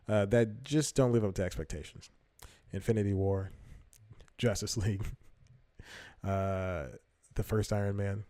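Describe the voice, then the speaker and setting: A young man with a lowish, darkish voice hosts a comedy podcast, recorded with no room sound. He rambles through casual commentary, correcting himself and laughing often.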